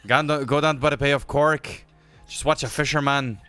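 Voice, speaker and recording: A man voicing a boastful, joking Irishman who spins deadpan tall tales with mock pride. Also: medium pitch, moderate pace, clean tone, soft background music, natural voice. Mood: mock-proud.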